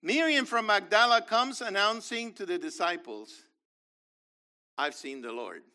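Man, bible teacher, animated, swooping intonation, sharp bright tone. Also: sits high, unhurried. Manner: enthusiastic, explains as he reads scripture aloud.

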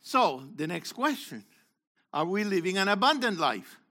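An older man preaching an interactive sermon, questioning the congregation and calling on people, moving between loud exhortation and quiet asides. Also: high voice, sing-song, moderate pace.

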